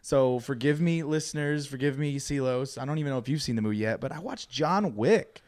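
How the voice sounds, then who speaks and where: Male podcast host in a studio, middle voice, chatty, animated and quick to laugh. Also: mid-range voice. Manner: animated storytelling, laughs often. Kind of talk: casual chat.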